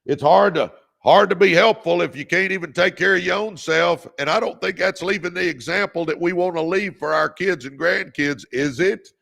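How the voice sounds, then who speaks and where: Man, gravelly, fervent motivational host, preacher-like. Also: sits high, normal speed, few pauses. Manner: preacher-like, fervent, calls viewers baby, shouts encouragement. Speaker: livestream host. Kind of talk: motivational livestream talk.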